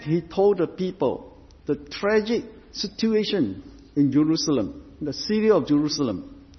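Man, pastor's sermon, slightly high voice, deliberate repetition, dull lo-fi recording. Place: church. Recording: reverberant hall, dull lo-fi sound.

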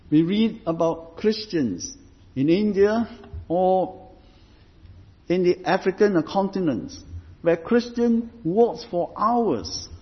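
A man preaching a sermon in a slow, measured way, often repeating phrases as he builds a point. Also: high-pitched. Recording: dull sound with long hall reverb.

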